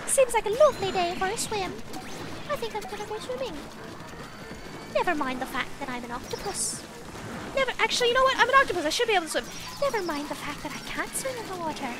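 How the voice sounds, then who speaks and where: A woman's voice: extremely high pitch, sing-song, fast talker, music in the background, pitched above the performer's own voice. A woman voicing a chirpy young female octopus in a singsong, put-on mix of Irish and British accent. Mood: whimsical. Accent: mixed Irish-British put-on.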